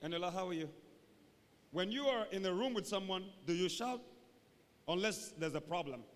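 A man preaching a sermon to a church, animated and dramatic, acting out little scenes and shouting for emphasis. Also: high-pitched, moderate pace. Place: large church hall. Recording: long hall reverb.

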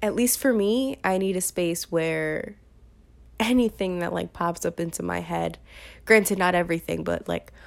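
A woman's voice: fairly low pitch, fairly even intonation, a little slow, vocal fry. A nineteen-year-old woman from Brooklyn, hosting her own podcast in an unscripted monologue full of ums and restarts. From Brooklyn, New York. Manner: rambling, unscripted, many ums and self-corrections. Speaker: podcast host. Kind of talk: casual solo podcast monologue.

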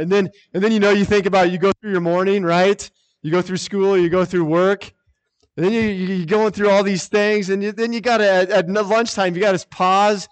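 A man's voice: sits high, smooth. A man preaching a sermon as pastor, earnest and repetitive, often restarting his phrases.

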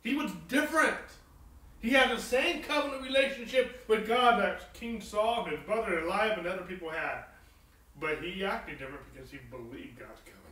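A man preaching a sermon, swinging from emphatic peaks to low, soft lines and often asking "okay?" of his listeners. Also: normal speed, echoey room, distant mic, rough recording. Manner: repeats phrases, asks the congregation "okay?".

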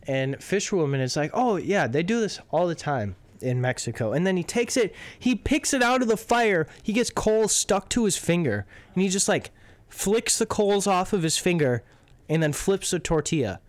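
A young man co-hosting a podcast, telling a story in casual chat, animated and profane, laughing as he goes. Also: sits high, moderate pace, dry recording. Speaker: podcast co-host.

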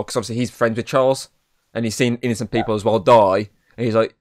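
A young podcast co-host with a lowish voice talks fast in a steady tone, rambling through a casual film recap. He swears freely and drops "obviously" into nearly every sentence. The studio recording is clean, with no echo.

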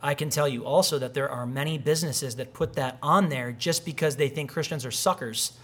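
A male pastor delivers a conversational sermon in a medium-pitched, fairly quick voice. He shares personal stories and animatedly acts out the voices of the people he quotes.

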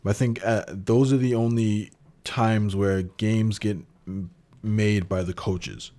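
Deep, mellow man analyzing sports. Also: fairly even intonation, takes it slowly. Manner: laid-back, thinking aloud, analytical. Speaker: sports podcast co-host. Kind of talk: casual sports chat.

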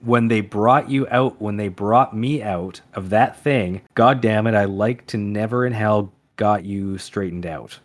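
A man reading the lines of a gruff, weary veteran in his forties who tries to calm his friend, in a low voice. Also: a little slow, few pauses, natural voice. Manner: gruff, consoling.

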